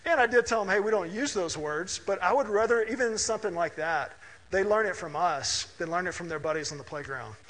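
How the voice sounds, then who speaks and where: Pastor, middle-aged man, high voice, conversational sermon in a reverberant church hall. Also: expressive, brisk, fairly bright tone. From Mississippi. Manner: conversational, anecdotal, asks listeners "right?".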